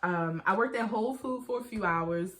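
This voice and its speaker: A young woman vlogger chatting casually through a storytime, acting out what people said to her in quick quoted voices. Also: medium pitch, fairly bright tone, a little hiss or hum.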